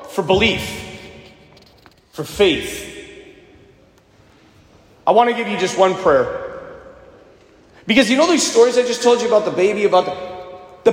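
A man, a priest, preaching a sermon and telling stories in an animated way, acting out the voices of the people in them. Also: sits high, echoey room, in a large hall.

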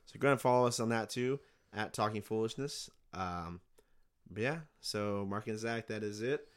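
A man's voice: fairly low pitch, fairly even intonation, moderate pace, smooth. A young man, podcast host, telling a long rambling story in casual chat, laid back and swearing.

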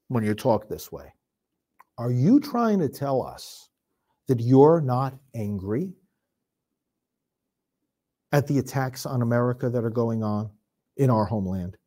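A warm-toned priest with a mid-range voice gives political commentary full of feeling, cadenced like a sermon. As he gets worked up he rushes forward in rapid bursts, throwing out rhetorical question after rhetorical question.

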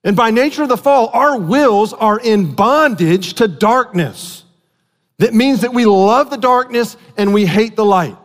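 A man's voice: sits high, a little slow, long reverb tail. A man preaching a sermon as a pastor, talking in a conversational storytelling way and repeating key phrases for emphasis.

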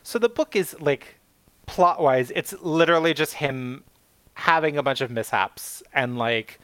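A woman's voice: sits low, unhurried, no echo. A woman casually recounting a novel's plot, acting out bits of its dialogue. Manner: animated storytelling with acted-out quotes. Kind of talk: casual book chat.

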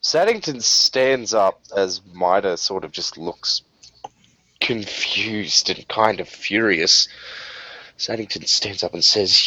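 A man narrating as game master of a tabletop role-playing game in a measured way. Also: fairly low pitch, lively intonation, pushed and bright, slightly rough, dry recording.

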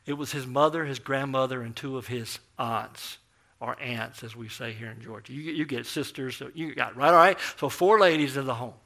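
During his sermon, a preacher brings a story to life with animated delivery, voicing the people in it. He speaks at a moderate pace in a mid-range voice.

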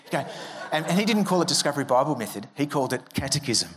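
A man's voice: fairly high pitch, expressive, fast. A man preaching a sermon as a pastor, conversational and joking, acting out quoted voices. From Australia.

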